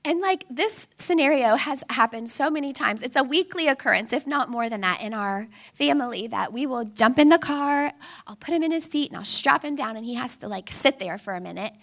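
A woman's voice: sits high, expressive, fairly quick, a bit bright. A woman in her thirties giving a sermon, telling family stories and acting out her own pleading and her child's cries. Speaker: speaker.

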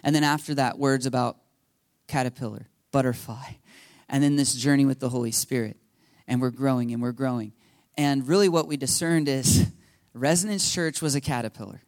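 A man pastor telling a story in his sermon, animated, laughing, and acting out quotes. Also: medium pitch, normal speed, no room sound, studio quality.

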